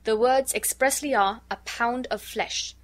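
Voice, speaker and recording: A woman reading the lines of a young woman posing as a wise counsellor, grave and measured, in a storybook. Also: a little high, close to an everyday voice.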